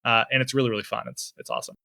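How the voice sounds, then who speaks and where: A man talks through tabletop game rules in a loose, enthusiastic way, with plenty of fillers. His tone is bright and forward. The sound is close and dry. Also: medium pitch, steady tone, racing, creaky, dry recording. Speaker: podcast co-host explaining game rules. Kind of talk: casual explanatory chat.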